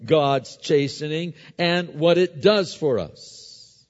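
A man's voice: fairly high pitch, slow pace. Man preaching in a reverberant hall. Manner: conversational preaching with stories and restarts. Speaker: pastor. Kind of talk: sermon. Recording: dull recording with long hall reverb.

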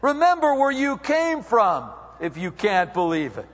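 A male pastor delivers a sermon, asking question after question and climbing in intensity. His voice sits a little high for a man. The sound is dull and lo-fi, with a long reverb trailing through the hall. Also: wildly swooping pitch, a little slow. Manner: preaching with rising intensity and rhetorical questions.

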